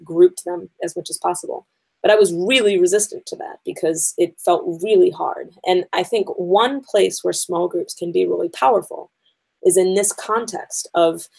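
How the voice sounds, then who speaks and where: A woman's voice: lowish voice, creaky, a little mellow, poor audio. A woman educator giving a conversational conference talk to teachers, explaining her points step by step with frequent ums.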